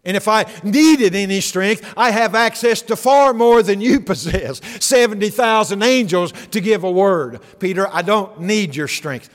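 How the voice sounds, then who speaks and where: A man preaching voices Jesus as a firm man rebuking his follower, speaking slowly and forcefully with raised declamation. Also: high voice, lively intonation, long reverb tail, voice pushed up. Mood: firm rebuke.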